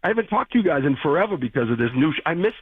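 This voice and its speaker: A man's voice: a little high, very animated, rapid-fire, breathy edge, no echo. A playful man with a Boston accent phones in to a morning radio show, ribbing the hosts and laughing as he goes. His voice comes through dry and a little muffled. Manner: playful, teasing, laughs often. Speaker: radio correspondent calling in. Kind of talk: casual radio chat. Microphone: phone line.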